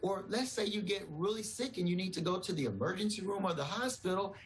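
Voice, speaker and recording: A man's voice: high-pitched, a little fast, low-quality recording. A man, a doctor, giving earnest, reassuring explanations in a TV news interview.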